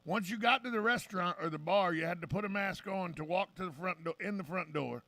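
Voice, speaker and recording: A man hosting a morning talk radio show, chatting in a brisk, folksy, opinionated way. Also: high voice, a bit bright, no echo. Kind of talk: casual radio chat. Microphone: studio microphone.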